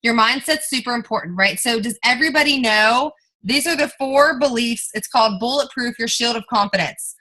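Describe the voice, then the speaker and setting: A young woman leading a team on a video call, coaching them in an upbeat, coaxing way and acting out sample pitches to friends. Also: bright, forceful tone, slightly rough, rough recording. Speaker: network marketing team leader. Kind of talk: motivational sales coaching on a group video call.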